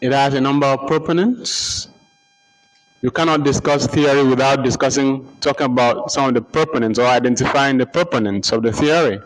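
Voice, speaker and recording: A man giving a lecture, slowly repeating names and spelling them out letter by letter for note-taking. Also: medium pitch, low-quality recording. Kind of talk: slow dictation-style lecture.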